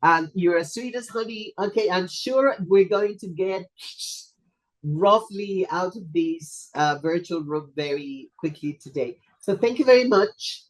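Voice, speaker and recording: A webinar presenter for teachers, hoarse and coughing, talking casually and playfully on a video call, joking at their own expense. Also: medium pitch, unhurried, low-quality recording. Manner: chatty, playful and self-deprecating. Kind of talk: casual online webinar wrap-up. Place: video call from a home or office. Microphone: computer mic on a video call.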